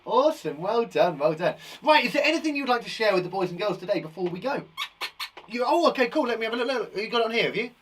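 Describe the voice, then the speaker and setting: A man teaching a live online lesson for young children from a garden shed, upbeat and warmly encouraging, chatting with a puppet. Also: sits high, expressive, quick pace, far from the mic, slight background noise. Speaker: primary school teacher.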